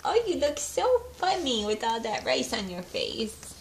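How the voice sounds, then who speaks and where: High-pitched, sing-song, and a little slow, a woman talks in baby voice to her infant and her dog while filming a feeding at home. She laughs a lot, and the echoey room has faint noise.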